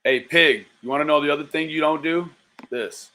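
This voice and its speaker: A man's voice: on the high side, moderate pace, pushed and bright. A man hosting a livestream, talking casually, profane and taunting, calling out to viewers by nickname. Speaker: livestream host.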